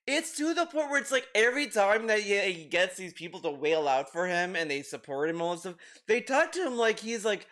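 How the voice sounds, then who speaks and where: High-voiced dude doing reaction commentary, rambling, cussing, keeps restarting his sentences. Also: sing-song, fairly quick, few pauses, fairly bright tone. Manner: rambling, frequent restarts, laughing and swearing. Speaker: commentary video host.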